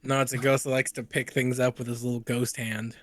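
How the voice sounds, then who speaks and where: A man's voice: mid-range voice, level tone, brisk, no room sound. A man co-hosting a podcast in casual chat, swearing and laughing in the middle of his sentences. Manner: giggly, profane, laughs mid-sentence. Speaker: podcast co-host.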